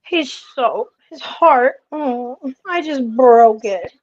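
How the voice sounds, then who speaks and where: A woman's voice: high-pitched, lively intonation, slow. Blunt, profane woman on lo-fi audio. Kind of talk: casual chat.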